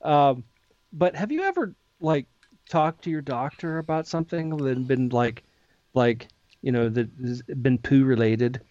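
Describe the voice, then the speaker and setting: A man's voice: medium pitch, unhurried, darkish tone, no room sound, muffled recording. A man co-hosting a podcast, rambling through crude jokes and laughing often in casual banter. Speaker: podcast co-host.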